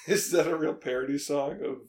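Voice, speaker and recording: A man's voice: on the high side, moderate pace, darkish tone. A man co-hosting a casual game podcast, joking and laughing often. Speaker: podcast co-host.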